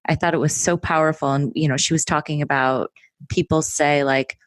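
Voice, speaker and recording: A woman with a very low voice hosts a podcast interview in a casual, supportive way. The sound is dry and close. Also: fairly even intonation, fairly quick, no echo. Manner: supportive, with short backchannels. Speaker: podcast host.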